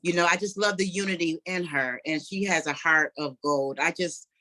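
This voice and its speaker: A woman coauthor on a video call giving heartfelt, slightly halting praise. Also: on the low side, bright, forceful tone.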